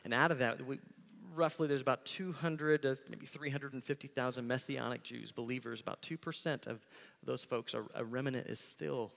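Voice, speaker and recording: A man preaching a sermon as pastor, conversational and animated, acting out quick asides. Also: mid-range voice, creaky, big-room sound.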